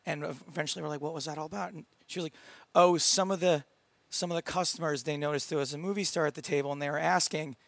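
A man co-hosting a podcast in casual chat, telling stories in an animated way and laughing often. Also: a little high, fast, vocal fry, dry recording. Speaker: podcast co-host.

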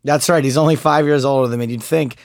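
A man's voice: medium pitch, steady tone, quick pace, gravelly, no room sound, clean studio sound. A man in his forties co-hosting a podcast, chatting casually in a joking, rambling way and laughing at his own lines. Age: 40s. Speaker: podcast co-host. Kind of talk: casual chat.

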